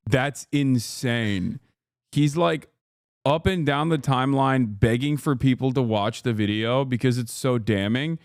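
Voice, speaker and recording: A man's voice: medium pitch, measured pace, clear, resonant tone, no room sound, clean studio sound. A man streaming and reacting to clips in casual commentary, blunt and profane, rambling with many fillers. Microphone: streaming microphone with noise gate.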